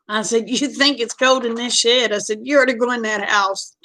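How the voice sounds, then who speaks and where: A woman's voice: on the high side, sharp tone. A middle-aged woman telling a personal story in a frank, chatty way. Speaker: vlogger. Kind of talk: casual storytelling.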